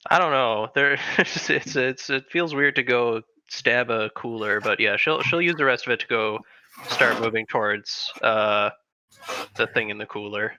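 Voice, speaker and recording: Bright, crisp man with dull lo-fi sound. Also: medium pitch, no room sound. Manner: hesitant, many fillers. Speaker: player. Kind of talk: describing his character's moves.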